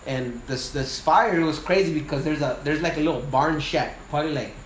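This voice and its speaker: A man who works as a wildland firefighter and sawyer, telling a story in casual conversation. He is animated and profane, and he acts out the voices of the people he quotes. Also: fairly high pitch, fairly quick. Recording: roomy with faint noise.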